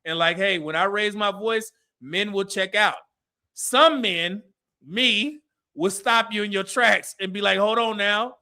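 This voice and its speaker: A man's voice: sits high, a little slow. A man hosting a review, giving casual live commentary and acting out bits of quoted dialogue. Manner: animated, acts out quoted dialogue. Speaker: host reviewing a dating show.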